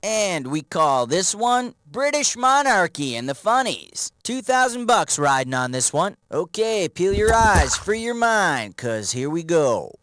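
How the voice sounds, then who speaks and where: An actor playing a wisecracking, energetic quiz game show host. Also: male voice, high-pitched, unhurried, few pauses, no echo, clean studio sound. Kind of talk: scripted game show hosting. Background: game music.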